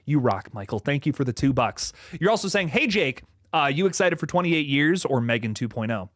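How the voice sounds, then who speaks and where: Speaking a little fast in a medium pitch, this livestream host reads out viewer comments and rambles animatedly, cursing freely and laughing a lot. The audio is dry and studio quality.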